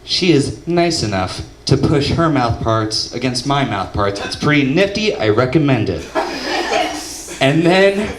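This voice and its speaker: A man's voice: medium pitch, unhurried, slight background noise. Young man telling a stand-up story. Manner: deadpan storyteller who shouts the punchlines. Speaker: stand-up comedian. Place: comedy club stage. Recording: roomy club audio from a distance. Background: audience laughter.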